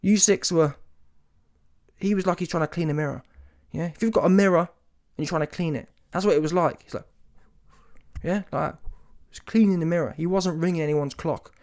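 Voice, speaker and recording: Speaking a little fast in a fairly high voice, a man reacts to a boxing match with a rant. He's emphatic and animated, mocks often, swears, leans on casual street slang and sometimes breaks into mocking shouts.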